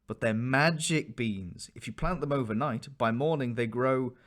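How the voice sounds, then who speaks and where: A man's voice: mid-range voice, normal speed, a bit bright, lightly acted. A man doing a cheerful bold boy. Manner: cheerful, polite.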